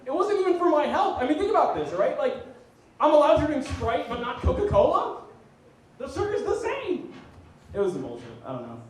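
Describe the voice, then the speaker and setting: A man's voice: very high-pitched, wildly swooping pitch, brisk, distant mic. A young man doing a stand-up comedy set and hosting, telling self-mocking stories and laughing at his own jokes. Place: student comedy night venue. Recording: very echoey room, mic heard from afar, faint noise.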